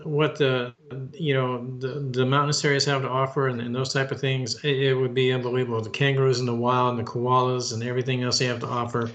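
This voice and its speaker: A man's voice: mid-range voice, fairly bright tone. Rambling casual male podcast co-host. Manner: rambling, with many restarts and fillers. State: married. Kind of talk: casual chat.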